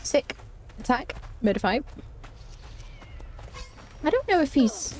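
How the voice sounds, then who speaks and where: A woman's voice: high voice, very animated, slow pace, darkish tone, slight background noise. A woman giving casual, wry commentary while playing a game and chatting to her cat. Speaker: gaming streamer.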